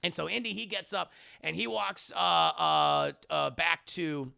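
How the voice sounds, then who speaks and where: Gravelly, bright-voiced young man streamer. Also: fairly high pitch, measured pace. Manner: rambling and playful, with crude humor. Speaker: streamer and movie reviewer. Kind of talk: casual, animated retelling of a film. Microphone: desk mic for a livestream.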